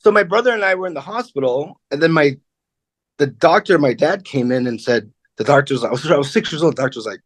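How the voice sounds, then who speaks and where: A middle-aged man, a comedian guest, telling a personal story in a candid, animated way and acting out the voices of the people in it. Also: on the high side, fast, dry recording. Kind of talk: casual interview storytelling.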